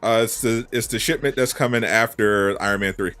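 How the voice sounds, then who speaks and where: A man's voice: fairly low pitch, fairly quick, fairly bright tone, faint music behind. Laid-back man chatting casually while streaming. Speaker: gaming streamer. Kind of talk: casual chat. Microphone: desk condenser mic.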